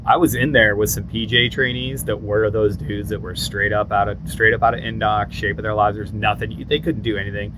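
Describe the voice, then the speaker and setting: A man's voice: fairly low pitch, a little fast, hardly any pauses. A man in his forties telling stories in a casual podcast chat. He acts out the lines of the people in his stories. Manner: animated storyteller who acts out other people's lines. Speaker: podcast co-host. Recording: steady background noise.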